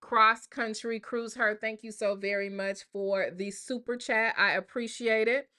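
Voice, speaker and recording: On the high side and fairly even in intonation, her pushed, bright voice runs a little slow. The speaker is an older woman, a grandmother hosting a casual live stream, chatty and slangy, calling viewers "y'all" and "baby."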